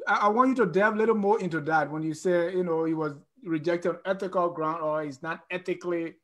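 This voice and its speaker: A man's voice: sits high, steady tone, quick pace, a bit bright. A man hosting a political talk show, putting questions to a guest with hesitant fillers. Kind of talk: interview questions.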